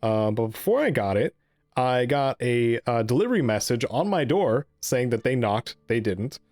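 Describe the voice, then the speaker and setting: A man's voice: medium pitch, lively intonation, moderate pace, darkish tone, no room sound, studio quality. A man co-hosting a gaming podcast in casual chat, rambling with many ums and restarts. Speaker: podcast co-host.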